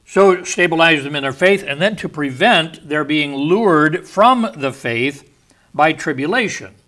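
A man leads a Bible study in a steady mid-range voice, working verse by verse. He leans on key words and unpacks their meanings with deliberate care. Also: mid-range voice.

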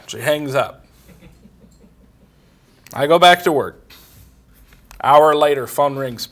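Bright-voiced man preaching a sermon. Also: mid-range voice, slow, pauses often. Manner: plain storytelling, quoting others in conversation.

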